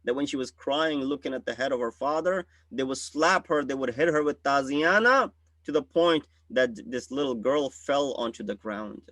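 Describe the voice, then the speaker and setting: A man's voice: medium pitch, normal speed, fairly bright tone, dry recording. A man, a religious scholar, telling a solemn story in a mourning sermon.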